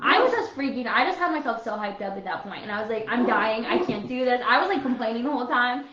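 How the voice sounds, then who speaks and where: A woman in her thirties co-hosting a podcast, chatting in an animated, self-mocking way. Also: on the high side, fast talker. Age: 30s. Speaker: podcast co-host. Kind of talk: casual chat. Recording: echoey room, dull lo-fi sound.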